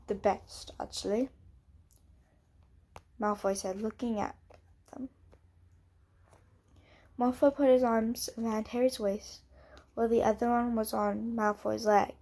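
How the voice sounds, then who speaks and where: A woman's voice: mid-range voice, darkish tone. A woman reading fan fiction aloud as an amateur audiobook, with small slips and self-corrections.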